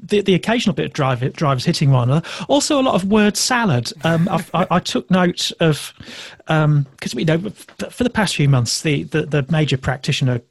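A man's voice: fairly high pitch, expressive, fairly quick, vocal fry, no room sound, studio quality. A man with a Yorkshire accent, a magazine editor speaking as a podcast guest in casual chat, rambling with frequent restarts and wry asides.

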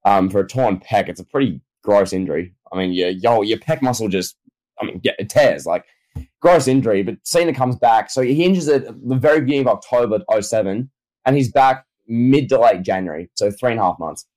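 A man's voice: fairly low pitch, fairly quick, a little mellow, low-quality recording. Laid-back man in slangy banter. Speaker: co-host. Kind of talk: casual chat.

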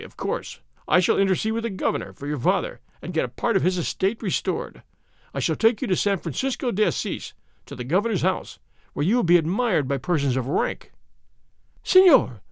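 A man's voice: high voice, no room sound, studio quality, exaggerated voice. A man voicing an arrogant army captain in an audiobook, purring and sneering as he presses his suit. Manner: sneering, overbearing. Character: arrogant bold army captain suitor, male. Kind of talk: audiobook character reading.

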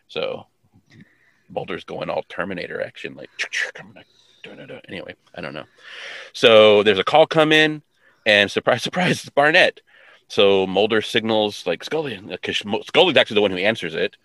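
Man, podcast co-host, low voice, dry close sound, rambling casual recap, lots of fillers. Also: big pitch swings, moderate pace, creaky, a bit bright, no room sound. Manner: rambling, many "like" fillers, quotes characters in offhand voices. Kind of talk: casual episode recap chat.

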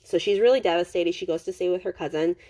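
A woman's voice: lowish voice, fast, mellow. Rambling woman recapping a book. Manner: rambling, heavy use of "like" and "um", frequent restarts. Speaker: podcast host.

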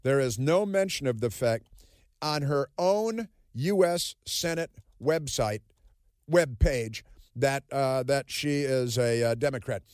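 A man's voice: mid-range voice, animated, takes it slowly, darkish tone, dry recording, studio quality. A man hosting a political talk radio show, sarcastic and combative. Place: radio studio. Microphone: studio microphone.

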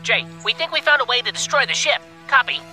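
A goofy cartoon sidekick, voiced by a woman, with a high, bouncy voice that swings up and down. Music plays clearly behind. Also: expressive, fast. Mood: joking.

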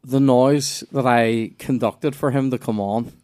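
A man's voice: medium pitch, steady tone, measured pace, a little mellow, clear, resonant tone. Rambling Northern Irish man, chatty storyteller. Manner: rambling storyteller with many restarts and swearing. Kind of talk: casual chat.

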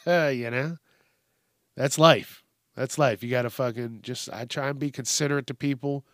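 Male podcast host, casual cussing commentary, unhurried delivery, mid pitch, dead-dry room sound. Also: fairly bright tone, no echo. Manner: rambling, profane, frequent fillers. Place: home studio with a mic stand. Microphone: stand microphone.

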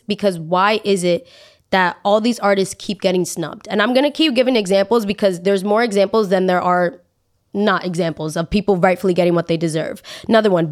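A woman hosting a podcast, ranting in a casual, dramatic way with exaggerated asides. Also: mid-range voice. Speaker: podcast host. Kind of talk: casual opinion monologue.

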